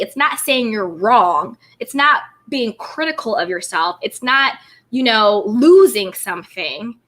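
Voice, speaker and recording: A woman's voice: high-pitched, a bit bright. A young adult woman hosting a casual live-stream commentary, chatty and emphatic, greeting viewers by name and reading their comments.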